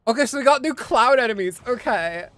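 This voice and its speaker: A young woman streaming a game, excitable and laughing, with casual swearing. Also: fairly high pitch, a little fast. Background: game music.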